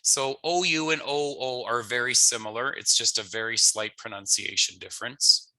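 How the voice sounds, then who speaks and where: A man with a Canadian English accent teaching a pronunciation lesson in a relaxed, explanatory way, sometimes laughing at himself. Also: medium pitch, moderate pace, dry recording. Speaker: language teacher.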